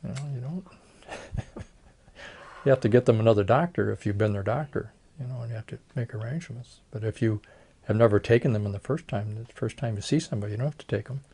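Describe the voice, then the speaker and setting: A man's voice: lowish voice, fast, mellow, breathy edge. An older man, a retired plastic surgeon, telling folksy stories in an oral history interview and acting out the voices of people he quotes.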